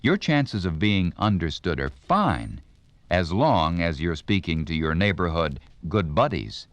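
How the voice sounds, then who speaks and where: A man giving scripted instructional narration for a training record, in a clear, deliberate announcer's delivery. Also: low-pitched, very animated, no room sound, lo-fi sound.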